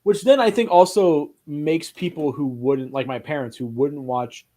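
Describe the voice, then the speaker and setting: A man hosting a casual film podcast, talking in an animated way with quick asides and a lot of swearing. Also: on the high side. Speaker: podcast host.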